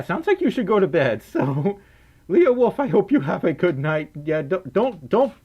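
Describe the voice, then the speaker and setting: A man's voice: fairly high pitch, darkish tone. A man with a Southern US accent, hosting a casual livestream, silly and giggly, reading out donations and chat. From Mississippi, US South. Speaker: livestream host. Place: indoors at home, wearing a fursuit head.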